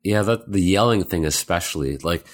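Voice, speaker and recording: A man chatting casually as a co-host, playful and quick with mock-outraged reactions. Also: sits low. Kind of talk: casual chat.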